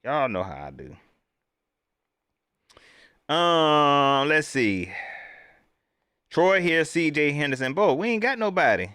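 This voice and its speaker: Male fan-show host, casual livestream rant; lively, upward-leaning pitch, close dry mic. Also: slow pace, long pauses, clear, resonant tone, dry recording. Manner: animated, swinging between loud outbursts and low mutters; Southern colloquial speech, mocking impressions of coaches. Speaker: sports fan channel host.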